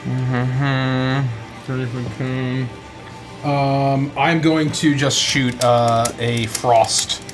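Slow hesitant man thinking aloud. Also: mid-range voice, flat delivery, over music. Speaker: player. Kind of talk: casual tabletop play.

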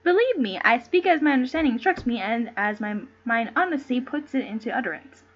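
A woman reading aloud the part of a courtly male lord speaking in formal verse, in a plain and halting way. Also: on the high side, animated, muffled recording.

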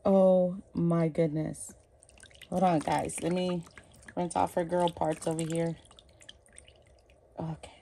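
A woman's voice: lowish voice, little pitch movement, slow pace, vocal fry, pauses often, mellow, a little hiss or hum. A woman vlogging casually at home, gushing and cooing as she bathes her dolls. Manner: gushing, cooing over dolls, keeps repeating "oh my goodness". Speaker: reborn doll collector vlogger. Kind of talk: casual vlog chat.

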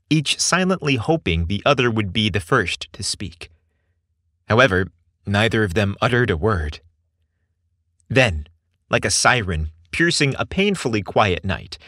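A man reading a scripted story aloud with expressive, measured storytelling. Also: on the low side, no room sound, clean studio sound. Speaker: narrator.

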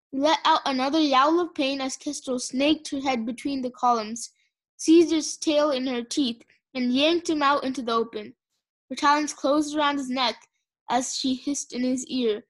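Casting: woman with a high voice for children's book narration, steady and expressive. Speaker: audiobook reader.

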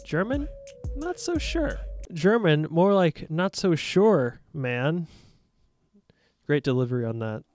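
A young man giving casual, playful commentary over his own gameplay, joking at his own expense and bursting into excited shouts during play. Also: on the high side. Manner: playful, self-mocking, excitable bursts while playing. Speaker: gaming YouTuber.

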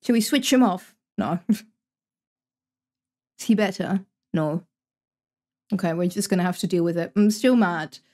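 Here a young woman live-streams a game, her voice lowish and darkish, unhurried and full of pauses. She talks casually, muses aloud, and curses without restraint.

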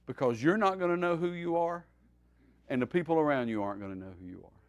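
A man, a pastor, teaching a Bible study in a folksy, animated preaching style that swings between loud and quiet. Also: a little high, fast talker, clean tone.

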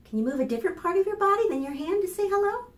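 Speaking straight to a group of small children, this woman librarian reads a story with animated, sing-song energy. Her voice is very high and she races along, with echo filling the space.

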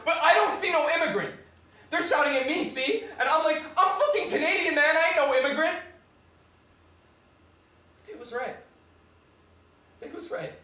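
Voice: mid-range voice, pushed and bright. An actor performing a stage monologue as a brash young man, talking in swaggering, profane street slang. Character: brash young Canadian man telling of his half-brother. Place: theatre stage. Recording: roomy stage sound from far off.

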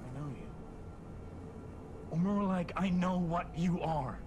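An actor playing a hostile small man who accuses and threatens, game audio under loud hiss. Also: high voice, slow.

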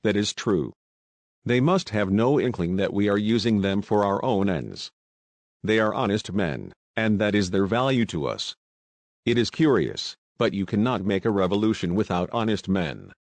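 A man's voice: on the low side, animated, normal speed, no echo. A man playing a cool, cynical plotter. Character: cynical, quietly amused male revolutionary plotter.

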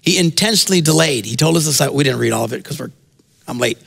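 A man preaching in a church with a gravelly, fairly high voice. He tells the story in a lively way, cracks jokes and sometimes breaks into shouts. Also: fast talker. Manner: lively storytelling, jokey asides, bursts of shouting. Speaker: pastor. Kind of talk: sermon. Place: church sanctuary.

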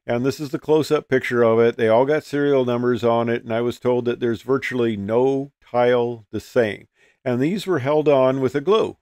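A man's voice: medium pitch, moderate pace, darkish tone, clean tone, no echo, studio quality. An older man and retired pilot telling a casual, folksy story, with many fillers and restarts.

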